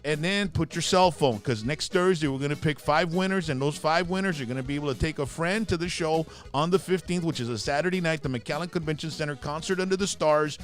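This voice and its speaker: An upbeat man hosts a live show, pitching giveaways with a somewhat high voice. Faint music plays underneath. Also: a little fast, few pauses. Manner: upbeat, promotional, switches into Spanish. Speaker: host. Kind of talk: casual live-show chat.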